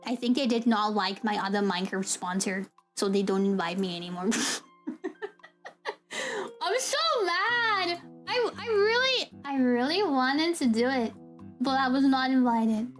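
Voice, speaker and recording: A young woman streamer chatting casually with her viewers, telling an animated, ranting story and laughing often. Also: on the high side, normal speed, faint music behind. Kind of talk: casual live-stream chat.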